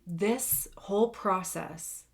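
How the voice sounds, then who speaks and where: Chill lady doing a tarot reading, slow and easy, chatty and slangy, laughs a lot. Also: mid-range voice. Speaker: tarot reader.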